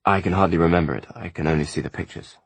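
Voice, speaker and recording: Man doing an awkward flustered teen boy, stammery, really deep husky voice. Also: fairly even intonation, rapid-fire.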